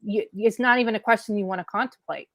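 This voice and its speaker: A woman guest in an interview, talking earnestly and candidly in quick bursts with fillers. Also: mid-range voice, fairly bright tone, dry recording. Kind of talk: conversational interview commentary.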